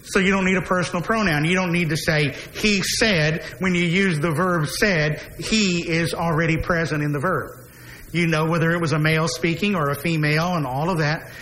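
A man preaching an expository sermon who slows down and stresses key phrases, dropping his voice low on repeated refrains. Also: steady tone, a bit bright, slight background noise, low-quality recording.

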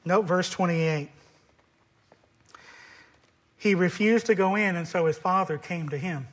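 A man's voice: high-pitched, a little slow, a bit bright. A man preaching a sermon on a scripture passage, building emphasis through repetition.

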